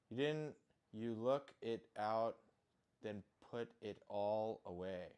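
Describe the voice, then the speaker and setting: A man's voice: on the low side, takes it slowly, darkish tone, clean tone. A man chatting casually while cooking at home, rambling and self-deprecating, swearing now and then. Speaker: home cook vlogger. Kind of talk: casual kitchen chat.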